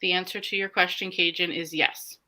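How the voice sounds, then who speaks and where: A woman from the American South hosts a casual live reading stream over a home mic. Her voice is bright and forward, sitting a little low for a woman, and she greets viewers and reads their comments in an animated way. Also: moderate pace. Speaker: host of a live reading sprint. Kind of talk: casual livestream chat.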